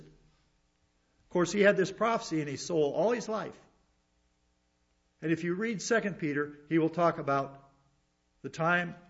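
Male preacher, fairly high voice, earnest verse-by-verse sermon, muffled lo-fi recording. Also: a bit bright. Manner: earnest, explains scripture verse by verse with asides. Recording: dull lo-fi sound.

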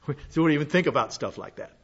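An older man preaching in a folksy, meandering way, pausing on fillers and circling back on himself. His voice sits a little high and sounds husky. The recording is dull and lo-fi. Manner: folksy, rambling with frequent fillers and restarts. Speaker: pastor. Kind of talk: sermon.

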